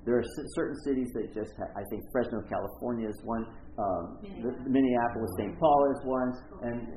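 A man's voice: mid-range voice, brisk, warm tone, a little hiss or hum. An older man giving a loose, conversational church talk, often checking in with his listeners. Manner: chatty, keeps checking in with "right?". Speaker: church speaker. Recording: echoey room over a tinny phone-like line.

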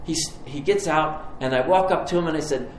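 A man preaching a sermon, telling a personal story with lively restarts and repetitions. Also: fairly high pitch, a little fast, roomy sound, slight background noise, rough recording. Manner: storytelling, animated, stumbling restarts. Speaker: pastor.

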